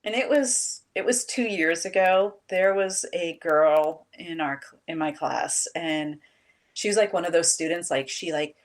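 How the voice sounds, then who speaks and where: A woman who teaches high school English, telling classroom stories in a casual, animated way and acting out what her students said. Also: measured pace. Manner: animated storytelling, acts out students' quotes. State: emotional, near tears. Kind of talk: casual chat.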